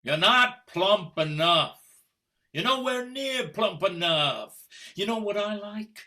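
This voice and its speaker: A man's voice: sits high, lively intonation, pushed and bright, full character voice. An older man acting a scornful husband who coldly taunts his wife, in a stage play performed over a video call. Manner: taunting, mocking, coldly deliberate. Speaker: actor in a play. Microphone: computer mic on a video call.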